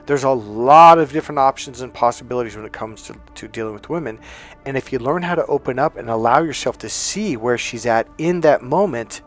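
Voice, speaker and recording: A male dating coach gives a casual talk to the camera, cursing often and playing out the voices in his anecdotes. His voice sits at an ordinary middle pitch, and faint music runs underneath. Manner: profane, animated storyteller acting out quotes.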